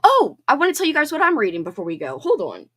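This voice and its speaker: Bubbly, lively-voiced woman host. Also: high voice. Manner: bubbly and chatty, quick laughs and squeals. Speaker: livestream host. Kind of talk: casual chat reading out viewer comments.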